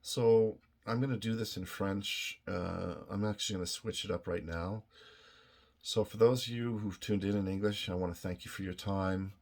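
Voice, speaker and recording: A middle-aged man from Canada speaks to his viewers in a low, deep voice. He talks slowly and earnestly, full of pauses, fillers and restarts, and he sounds moved. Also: fairly even intonation. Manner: halting, many fillers and restarts, emotional. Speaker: video host. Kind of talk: casual direct-to-camera talk.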